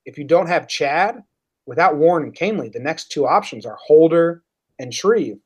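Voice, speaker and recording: A man's voice: fairly high pitch, slightly rough. A young man co-hosting a podcast, giving opinionated baseball takes in casual chat. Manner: animated, opinionated, talks in quick bursts. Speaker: podcast co-host.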